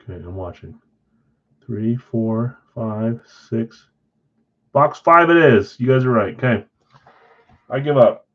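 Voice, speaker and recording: A man's voice: mid-range voice, slow, pauses often. A man hosting a live card break stream, chatting casually with viewers and poking fun at his own mistakes. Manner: self-deprecating, chatty, talks to chat viewers. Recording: slightly dull lo-fi stream audio.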